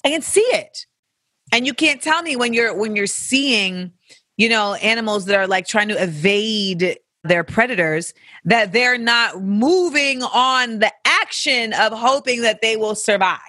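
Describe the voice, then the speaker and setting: This podcast host talks in a bright, sharp voice and answers listener questions. The delivery is animated and loose, full of profanity and joking asides. The sound is dry and close to the mic. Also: medium pitch, a little slow, no echo. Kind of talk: casual advice talk.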